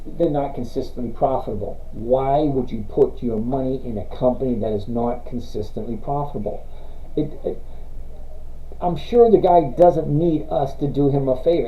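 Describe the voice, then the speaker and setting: Chatty middle-aged man in a roomy space. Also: mid-range voice. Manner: chatty, reads out viewer comments, apologetic refusals. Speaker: livestream host reviewing stocks. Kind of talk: casual livestream chat with viewers. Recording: roomy, dull lo-fi stream audio.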